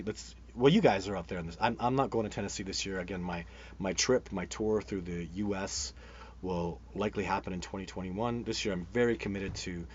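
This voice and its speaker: A very low-voiced Canadian man hosts a live show, chatting loosely as he answers viewer comments. He rambles, restarts often and gets excited. The sound is dull, with a faint hiss under it. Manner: rambling and enthusiastic, many restarts. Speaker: host of a live Bigfoot show.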